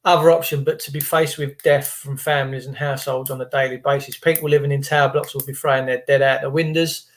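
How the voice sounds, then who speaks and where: A man's voice: mid-range voice, flat delivery, fast talker, few pauses. A man, talking to camera in a rambling monologue full of jokey asides. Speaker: vlogger.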